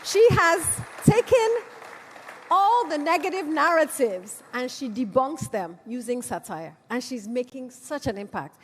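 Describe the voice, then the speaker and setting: A woman's voice: sits high, animated, normal speed, few pauses, slightly rough, long reverb tail, a faint crowd. A woman giving a conference speech, persuasive and rallying, with rhetorical questions. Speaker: conference speaker.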